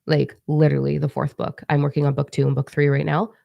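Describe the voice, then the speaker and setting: A young woman telling a story in a chatty, animated way, with casual swearing, as a spiritual teacher and author in a vlog. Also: sits low, fast talker, creaky, dry recording, lo-fi sound.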